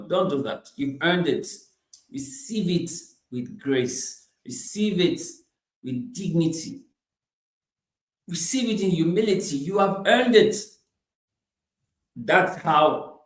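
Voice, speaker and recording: Male motivational speaker, high-pitched and emphatic, in a roomy space. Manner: emphatic, repeats phrases, swings between loud bursts and quiet asides. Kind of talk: motivational talk.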